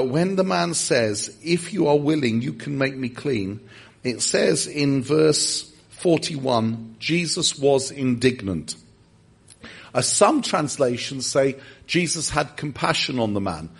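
A man preaching a sermon, telling stories and breaking off into animated asides and self-corrections. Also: on the high side, slightly rough. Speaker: guest preacher.

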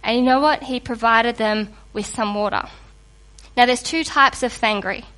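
A woman giving a sermon to a congregation in a lively, conversational and humorous way, just getting over a cold. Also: on the high side, moderate pace. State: recovering from a cold. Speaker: preacher.

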